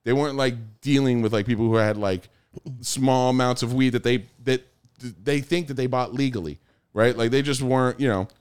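A man casually telling a story among friends, animated, swearing a lot and acting out the quotes. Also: medium pitch, fairly quick, clear, resonant tone.

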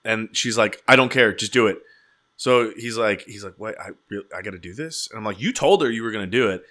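A young adult man hosting a casual chat and telling a story with animated, swearing delivery, acting out what people said. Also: fairly low pitch, fast talker. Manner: animated, swearing, acts out quotes.

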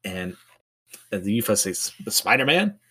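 A man's voice: medium pitch, lively intonation, normal speed. Chatty man casually recapping comics. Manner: chatty, self-deprecating, many fillers. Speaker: comic book podcast host.

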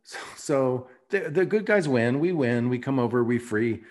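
A man's voice: medium pitch, expressive, moderate pace, a little mellow. A middle-aged man co-hosting a podcast in easygoing casual chat, answering his partner and chuckling along. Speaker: podcast co-host.

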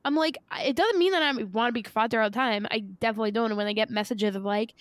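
An American woman host with a fairly high, smooth voice chats with her guest, supportive and quick to laugh. The recording sounds dry and close. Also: no echo. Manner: supportive, chatty, laughs easily. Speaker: podcast host. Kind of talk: casual chat.

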